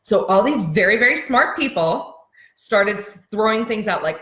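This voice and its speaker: Brief: woman business coach, seated, storytelling, animated and chatty, roomy echo. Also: mid-range voice, normal speed. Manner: animated, chatty, many fillers and acted-out quotes. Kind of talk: workshop teaching with storytelling. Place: seated in a roomy space, sitting cross-legged. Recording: echoey room.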